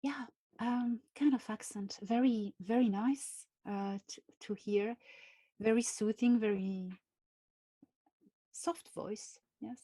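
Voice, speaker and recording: Slow-spoken French woman, mellow voice. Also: a little high, steady tone, no room sound. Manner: slow, careful speech with frequent hesitations. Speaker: guest. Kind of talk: interview answers.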